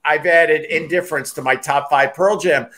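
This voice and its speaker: A man's voice: a little high, a bit bright. Joking New man hosting a show. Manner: jokey, rambling, quick to laugh. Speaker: show host. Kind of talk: casual chat. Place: bar in New York City.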